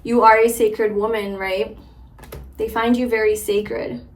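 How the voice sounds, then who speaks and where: Her voice a little high and level, a young tarot reader speaks at a measured pace during a casual reading for a viewer. She's warm and talkative, and her speech is peppered with "like" and "um."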